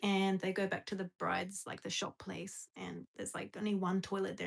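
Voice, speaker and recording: A young woman hosts a relaxed live stream, talking straight to her viewers. She giggles often and rambles, stopping and restarting her thoughts mid-sentence. Her pitch sits in an ordinary middle range. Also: normal speed, gravelly, hardly any pauses, slightly rough, rough recording. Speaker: livestream host. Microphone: phone or webcam on a live stream.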